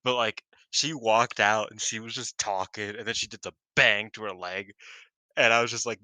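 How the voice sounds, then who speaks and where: A man co-hosting a wrestling review podcast, chatting casually and excitably, swearing and rambling. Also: fairly low pitch, fairly quick, no echo. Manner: excitable, swears, long-winded, laughs often. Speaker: podcast co-host.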